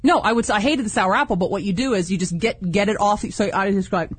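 Animated woman radio co-host, breathy voice. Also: mid-range voice, fast talker. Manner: animated storyteller who acts out voices. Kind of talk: casual on-air banter. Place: radio studio.

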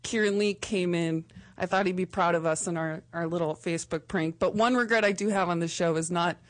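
A woman's voice: fairly low pitch, steady tone, brisk. A woman co-hosting a call-in radio show, telling crude stories through laughter. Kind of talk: casual call-in radio chat.

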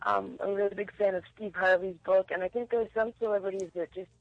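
A woman's voice: mid-range voice, steady tone, fast, no echo. Woman caller on a dull phone line. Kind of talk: phone-in chat.

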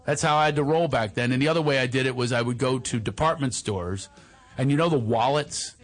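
A man's voice: medium pitch, a little fast, soft background music. A man hosting a podcast, telling stories in casual chat and laughing often. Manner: animated storyteller, laughs often. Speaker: podcast host.

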